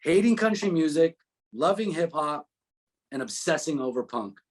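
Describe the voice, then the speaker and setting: Man in his 30s, musician guest, easygoing and rambling, slightly higher speaking voice. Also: animated, moderate pace. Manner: laid-back, rambling with fillers. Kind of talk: casual interview chat.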